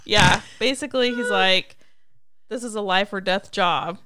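A woman co-hosting a podcast chats casually through a recap, laughing often and acting out characters' lines in quotes. Her mid-range voice moves at a measured pace, with background noise behind her.

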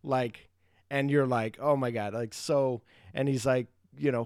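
A man co-hosting a podcast, casually recapping movie scenes with lots of swearing and quick impressions of the characters. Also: medium pitch, no echo, studio quality. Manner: profane, animated retelling of scenes. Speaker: podcast co-host.

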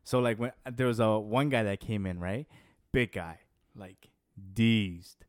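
A man's voice: lowish voice, measured pace, no room sound. Rambling man in casual chat, dry sound. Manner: rambling, heavy use of "like" and "yo".

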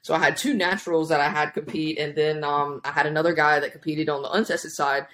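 A woman's voice: low-pitched, quick pace. A woman in her thirties, a powerlifting coach, telling her story casually in an interview with lots of restarts and asides. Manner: rambling, animated, many restarts. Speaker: podcast guest, powerlifting coach.

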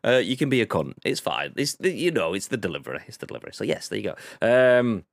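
A man's voice: on the low side, big pitch swings, fast, vocal fry, no room sound, clean studio sound. A man co-hosting a casual live-streamed podcast, rambling, swearing freely and reading chat messages aloud. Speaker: podcast co-host.

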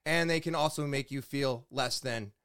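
A man's voice: medium pitch, moderate pace, a bit bright. A man hosting a casual podcast who encourages his guest in a supportive way. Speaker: podcast host.

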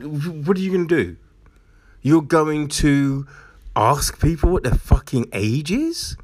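Profane ranting commentator, lively pitch. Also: slightly rough. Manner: profane and blunt, heavy slang and filler; incredulous, mocks with acted-out quotes.

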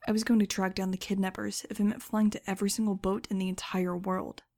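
Gravelly-voiced woman narrating an audiobook. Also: medium pitch, level tone, fast talker, a little mellow. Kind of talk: first-person audiobook narration.

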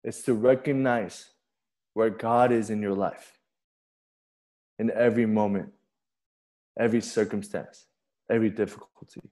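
A man's voice: lowish voice, steady tone, a little slow, long pauses, mellow. A young man preaching a sermon and telling a personal story in a casual, conversational way, often repeating words as he starts a sentence. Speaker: pastor.

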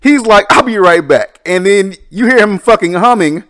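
A man's voice: high voice, animated, moderate pace, a bit bright. A man reacting in casual podcast chat, laughing a lot and swearing freely.

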